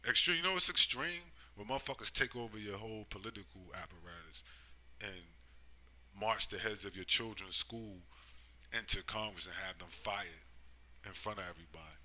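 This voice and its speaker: A man's voice: lowish voice, moderate pace, sharp tone, poor audio. A man giving a rambling, profane monologue, driving his points home with constant tag questions. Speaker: commentator. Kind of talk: casual monologue.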